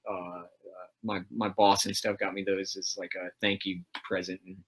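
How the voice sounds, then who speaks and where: A man's voice: low voice, level tone, moderate pace, fairly bright tone, husky. A man hosting a casual livestream chat, talking about comics in a rambling, enthusiastic way with lots of fillers. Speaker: host of a livestream.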